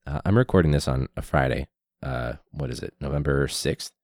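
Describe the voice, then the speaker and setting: A man who teaches high school, ranting casually with sarcasm and swearing, his throat hoarse from a recent illness. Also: brisk, a little mellow, dry recording. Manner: sarcastic, profane, mocking.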